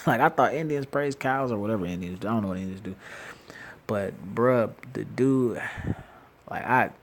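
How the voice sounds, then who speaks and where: A man talking casually and in a rambling way, animated and slangy, laughing often and restarting his sentences. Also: fairly low pitch, moderate pace, long pauses, a little hiss or hum. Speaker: commentator. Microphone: phone screen-recorder app.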